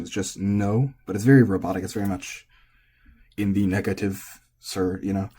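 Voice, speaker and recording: A man teaching pitch in a relaxed, casual lesson, thinking aloud as he goes. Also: slightly rough. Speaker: language teacher.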